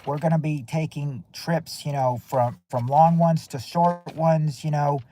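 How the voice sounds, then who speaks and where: A man's voice: a little high, fairly even intonation, measured pace, mellow, a little hiss or hum. A man with a Southern US accent hosting a casual stream, rambling and repeating himself as he talks to his chat. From southern United States. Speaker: stream host.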